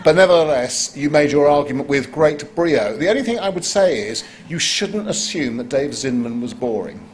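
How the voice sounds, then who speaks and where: A man hosting a live competition, joking wryly and bursting into excited exclamations. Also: fairly high pitch, normal speed, hardly any pauses, a little hiss or hum. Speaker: competition host. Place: conference stage before an audience.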